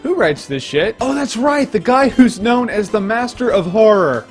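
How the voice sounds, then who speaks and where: A man reviews movies and games in a comedic rant, sarcastic and profane. His voice sits high. Faint music plays underneath. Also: lively intonation, moderate pace.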